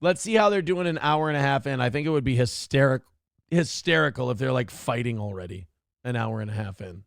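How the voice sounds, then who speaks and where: A man's voice: mid-range voice, lively intonation, fairly quick, gravelly, no echo, studio quality. A man streaming live, reading paid chat messages aloud and answering them in a sarcastic, defensive rant. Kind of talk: casual live-stream commentary.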